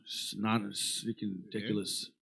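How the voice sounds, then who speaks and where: A man teaching a casual religious class, talking in an animated, rambling way and telling a reader what to look up. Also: lowish voice, normal speed, creaky.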